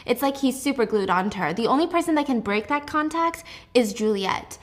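A young woman recaps a novel in a casual, animated way, breaking off for asides. Her voice sits a bit high. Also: brisk. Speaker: host.

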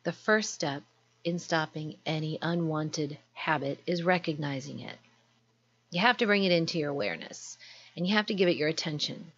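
A woman's voice: deep voice, normal speed, a bit bright, breathy edge. A woman giving an earnest, explanatory self-help talk, unscripted. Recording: dull lo-fi recording.

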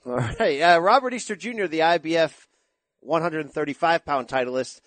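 A man's voice: fairly high pitch, expressive, normal speed, fairly bright tone, dry recording. A man hosting a sports talk show, asking questions in a playful, hyped-up way. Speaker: podcast host. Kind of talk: casual sports talk and interviewing.

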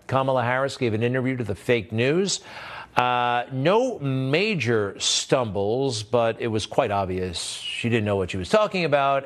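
A man hosting a commentary show, delivering a sarcastic, rambling opinion monologue between clips. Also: on the low side.

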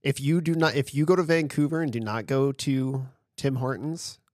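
A man's voice: medium pitch, steady tone, normal speed, a little mellow, no room sound, clean studio sound. Profane, rambling male podcast co-host. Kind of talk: casual chat.

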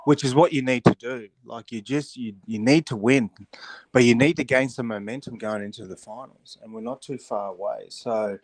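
Middle-aged bloke, rugby pundit, animated storyteller, laughs a lot, dry sound. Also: male voice, mid-range voice, normal speed, no room sound. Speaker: rugby pundit, weekly guest. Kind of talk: casual radio chat.

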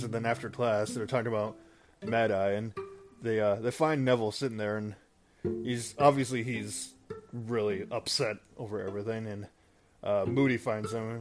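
A show host with a lowish, fairly even voice casually retells a movie plot at normal speed, rambling with fillers and restarts and laughing at his own stumbles. Guitar music plays behind him.

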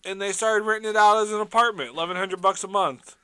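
A man with a very bright, sharp tone and a slightly high pitch co-hosts a casual podcast chat. He is animated and giggly and fills his speech with "like." The sound is dry and close-miked. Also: fast, smooth, no room sound. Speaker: podcast co-host.

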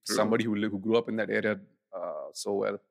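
Gravelly low-voiced man, rambling chat. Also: fairly even intonation, fast talker. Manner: rambling, many restarts and fillers. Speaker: podcast co-host. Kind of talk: casual film chat.

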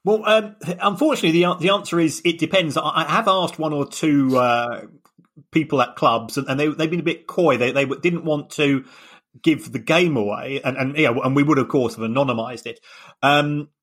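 A man's voice: on the high side, moderate pace, a bit bright. A man co-hosting a podcast, explaining with many hesitations and restarts. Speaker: podcast co-host. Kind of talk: casual chat.

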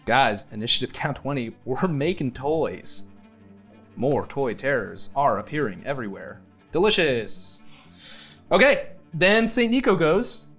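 Animated, playful tabletop game master. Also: mid-range voice, a little slow, faint music behind. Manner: playful, animated narration with many fillers.

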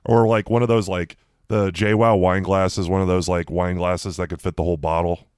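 A man talking casually on a podcast, laid-back as he explains. His voice is very low and smooth. The sound is dry and close. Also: level tone, a little fast, darkish tone, dry recording. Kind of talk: casual chat.

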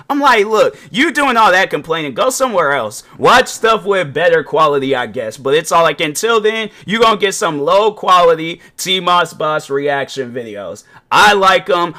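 A man hosting a solo podcast, with a naturally loud voice, ranting casually and rambling with many fillers. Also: high-pitched. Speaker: podcast host.

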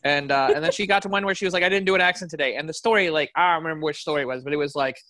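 A man's voice: on the high side, racing, dry recording. A man co-hosting a podcast in casual chat, retelling stories animatedly and acting out quotes. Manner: animated storyteller, acts out quotes. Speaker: podcast co-host.

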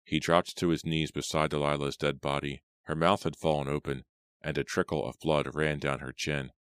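A man narrating an audiobook in a slow, measured and grave manner. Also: very deep voice, flat delivery, a bit bright, clean tone, no room sound, studio quality. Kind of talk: scripted dramatic narration.

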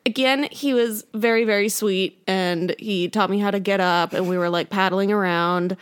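A woman's voice: medium pitch, fairly even intonation, normal speed, smooth. A young woman casually telling a rambling story to a friend, full of fillers and laughter. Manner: rambling, heavy use of "like", laughs while telling stories.

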